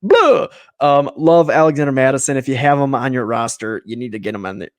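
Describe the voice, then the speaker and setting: A man co-hosts a fantasy football podcast with a middling pitch and a playful, emphatic delivery. He jokes freely and talks straight at the players. The room is dry, with little echo. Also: fairly even intonation, fast talker. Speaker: podcast co-host. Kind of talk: casual sports talk.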